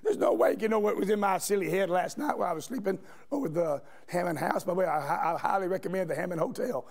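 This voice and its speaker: A man's voice: high-pitched, fast talker, a little mellow. A man preaching a sermon in a church, telling stories and asking the congregation questions. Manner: storytelling, asks the congregation questions. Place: church sanctuary.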